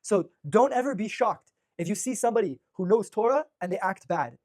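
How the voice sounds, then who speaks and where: A man teaching an informal religious class, energetic, with many restarts and fillers. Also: high voice, brisk.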